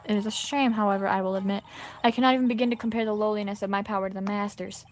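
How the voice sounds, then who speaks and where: A woman's voice: medium pitch, fairly even intonation, very fast, slight background noise, lightly acted. A woman voicing a stern, formal middle-aged female spirit medium who speaks stiffly and politely. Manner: stiff, formal, addresses others as good sir.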